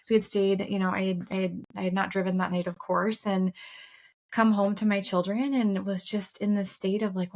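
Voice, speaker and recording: A woman's voice: mid-range voice, little pitch movement, normal speed, darkish tone. Podcast co-host, woman, middle-aged, candid and reflective, mid-range voice. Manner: earnest, reflective, candid and occasionally profane. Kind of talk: casual podcast conversation.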